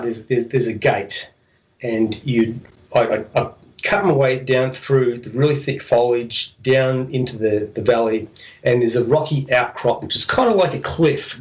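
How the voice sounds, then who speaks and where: A man, a radio guest, telling a story in a casual, animated way, repeating words and acting out the sounds. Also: medium pitch, muffled recording.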